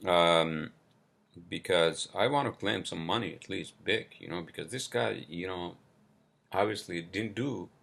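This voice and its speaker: A man's voice: low voice, unhurried, creaky, a bit bright. A man hosting a solo podcast, venting in a casual, profane, frustrated rant. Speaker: podcast host.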